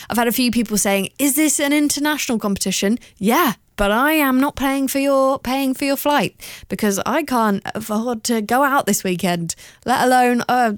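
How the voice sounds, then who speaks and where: A woman's voice: mid-range voice, dry recording, studio quality. A young woman from southern England with a slightly posh southern accent, chatting candidly and swearing freely on her solo podcast. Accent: southern English, slightly posh. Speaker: podcast host. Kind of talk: casual solo podcast chat.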